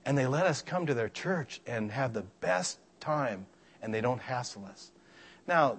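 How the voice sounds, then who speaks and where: A man preaching a sermon, telling stories and acting out the voices of the people in them. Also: mid-range voice. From Scotland. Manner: animated, acts out voices in stories. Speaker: pastor. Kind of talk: sermon with storytelling.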